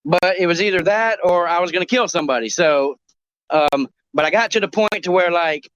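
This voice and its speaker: A man co-hosting a talk show in crude casual chat, rambling and halting, swearing often. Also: high voice, fairly bright tone, smooth, no room sound. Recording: dry, dull lo-fi sound.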